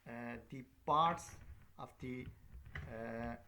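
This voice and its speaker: A man giving a recorded lecture, hesitant and full of filler sounds, repeating his examples slowly to stress them. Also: mid-range voice, pushed and bright, a little hiss or hum.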